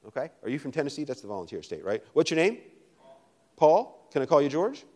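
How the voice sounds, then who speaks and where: A man's voice: on the high side, big pitch swings, a little mellow. A middle-aged man from Virginia, a literature professor who jokes and teases while picking volunteers from an audience. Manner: fast, joking, teasing. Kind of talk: lively classroom talk to an audience.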